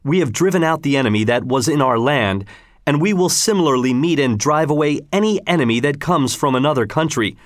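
A man's voice: fairly high pitch, animated, a little fast, dry recording, clean studio sound, natural voice. A man reading the lines of a steadfast heroic male folk leader in a storybook reading. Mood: resolute.

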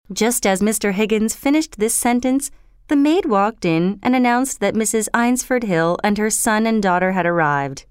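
A woman narrating a storybook in an expressive, steady reading voice. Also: mid-range voice, normal speed, smooth, no echo, clean studio sound.

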